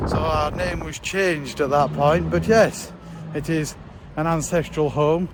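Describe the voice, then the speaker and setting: Filming a casual travel vlog on a handheld camera, this man drives monster trucks and chats with wry self-mockery from a show site and a ferry. He speaks unhurriedly in a steady, fairly high voice amid very loud noise.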